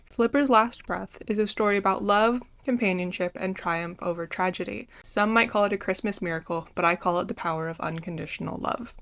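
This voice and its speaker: A woman giving a casual book review, retelling the story in an earnest, heartfelt way. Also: medium pitch.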